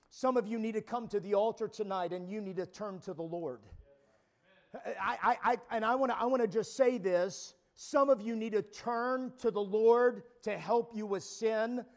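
A man preaching a sermon at a camp meeting, retelling a story with frequent stammering restarts and rising to shouts. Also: high voice, normal speed. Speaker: pastor.

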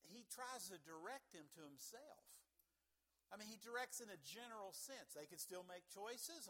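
A man preaching a sermon, folksy and joking, moving between calm teaching and loud bursts of excitement. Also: high voice. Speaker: pastor.

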